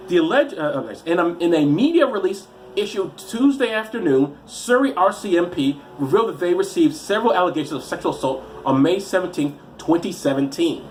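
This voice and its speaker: A man with an American accent and a cold reads news stories for comedy, rambling and sarcastic, tripping over his words. His pitch swings all over the place as he talks. A faint hum of room ambience sits behind him. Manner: rambling, sarcastic, quick-talking with many restarts. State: has a cold. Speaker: comedic show host. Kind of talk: comedic news-story reading.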